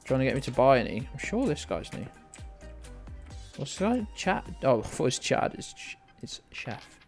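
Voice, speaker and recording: A man's voice: mid-range voice, very animated, normal speed, faint music behind. A man streaming a game, chatting casually, swearing freely and answering his chat. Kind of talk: casual gameplay commentary.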